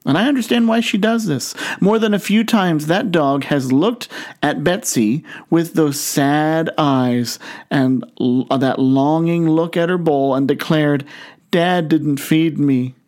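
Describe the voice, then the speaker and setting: Male pastor, fairly high voice, storytelling sermon, drawn-out words for emphasis. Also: a little mellow.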